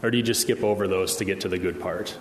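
A low-pitched pastor talks fast with fairly even intonation, giving a conversational sermon and checking in with his congregation by asking "okay?" again and again. The church hall echoes with long reverb, and slight background noise is present.

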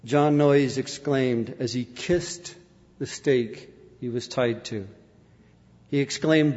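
A man's voice: on the high side, takes it slowly. Fervent male preacher in echoing hall. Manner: fervent, swings from loud declaiming to hushed intensity. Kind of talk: sermon. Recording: dull lo-fi sound with long hall reverb.

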